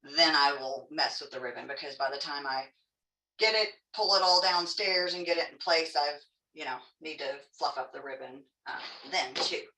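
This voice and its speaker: A woman's voice: low voice, normal speed, sharp tone. A woman teaching an online craft class in a loose, chatty way, with asides and fillers. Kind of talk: casual craft tutorial. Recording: distant mic, faint noise.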